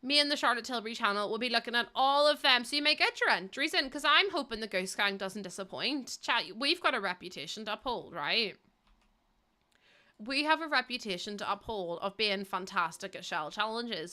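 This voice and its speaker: A woman's voice: a little high, animated, a little fast, bright, forceful tone. A young woman from Northern Ireland with a Northern Irish accent, chatting casually with viewers while building in a game on a livestream. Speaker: game streamer.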